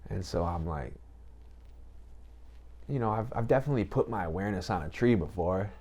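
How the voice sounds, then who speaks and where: A man's voice: lowish voice, lively intonation, fairly quick, a little mellow. A man chatting as a podcast guest, telling a story in a loose, rambling way and acting out what others said. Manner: rambling, peppered with "you know" and "right?"; acts out other people's lines when retelling. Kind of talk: casual storytelling chat.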